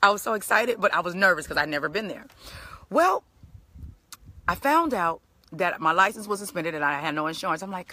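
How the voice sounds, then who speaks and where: Middle-aged woman motivational speaker, bright and forceful, lively preacherly storyteller. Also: fairly low pitch, a little fast. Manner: animated, conversational, preacherly. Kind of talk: storytelling live stream talk.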